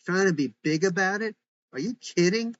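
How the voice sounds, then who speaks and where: A man's voice: mid-range voice, steady tone, moderate pace, slight background noise, close to an everyday voice. A man reading the lines of a resentful teenage girl who feels ignored by her family, in a dull lo-fi recording. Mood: indignant. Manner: indignant, complaining.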